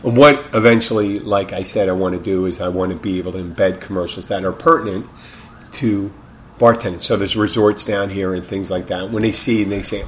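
Male podcast host, lowish voice, loose rambling solo talk with restarts, faint hiss behind. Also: fairly even intonation, a little fast. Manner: rambling, self-interrupting, frank and profane. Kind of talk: casual solo podcast monologue.

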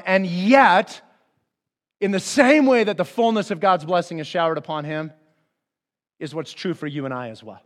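Animated high-voiced male pastor preaching. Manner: conversational, animated, acts out the speakers in the Bible stories. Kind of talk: sermon.

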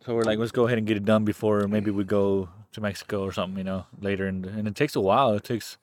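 A man co-hosting a casual podcast, telling stories in a relaxed way and laughing easily. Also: lowish voice, fast talker. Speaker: podcast co-host. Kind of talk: casual chat.

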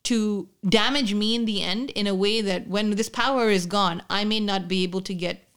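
A woman's voice: mid-range voice, normal speed, a bit bright, clear, resonant tone. A woman in casual podcast chat who often stammers and restarts while she searches for words.

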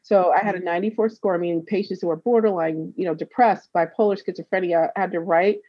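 A therapist and healer tells a personal story in casual conversation, acting out the voices she quotes and laughing often. Her voice is fairly low with a steady tone, and she speaks fast. The recording is dry with no room sound, dull and slightly lo-fi.

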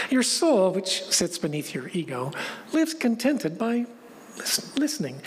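A woman's voice: medium pitch, big pitch swings. Woman preaching in a reverberant hall. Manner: reflective and measured, repeating phrases. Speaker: pastor. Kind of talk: sermon. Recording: long reverb, faint background noise.

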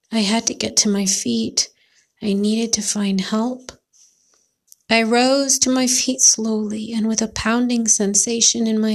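A woman narrating a first-person story as an audiobook, in a measured, dramatic reading that often sinks to a hushed near-whisper. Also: medium pitch.

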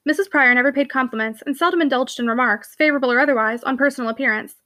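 A woman reading a classic novel aloud, narrating briskly with lightly voiced dialogue. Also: high-pitched, sharp tone. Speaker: audiobook reader.

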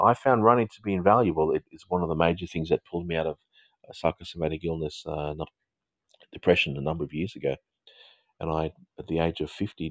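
A man in his fifties hosting a live stream, chatting casually with viewers in a rambling way and quick to laugh. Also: rumbling low, dry recording. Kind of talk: casual live chat reading viewer comments.

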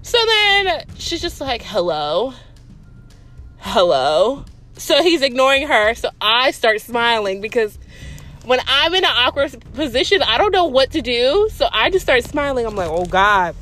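A woman telling a story in a vlog, blunt and profane, animated in her delivery. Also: high-pitched, normal speed, soft background music. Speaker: vlogger.

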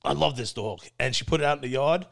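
Gravelly animated storyteller man. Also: fast. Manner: animated storyteller, acts out quotes in a high voice. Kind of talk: casual storytelling.

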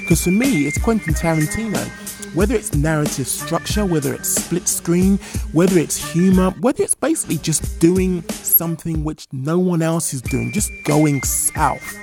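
A podcast host asking rambling, excitable questions in a casual interview. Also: mid-range voice, moderate pace, over music. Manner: excitable, rambling, lots of fillers and restarts.

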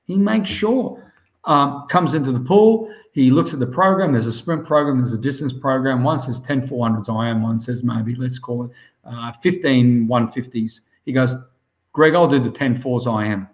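A man's voice: medium pitch, normal speed, highs cut off. An Australian man, a swimmer being interviewed, chatting casually and enthusiastically in long rambling stretches. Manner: enthusiastic, rambling, says "mate" constantly.

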